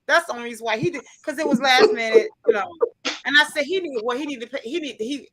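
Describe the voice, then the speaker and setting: A woman's voice: sits high, fast talker, a crowd in the background. A woman hosting a casual group chat, telling stories with lots of laughter. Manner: animated, laughing storyteller. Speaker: host.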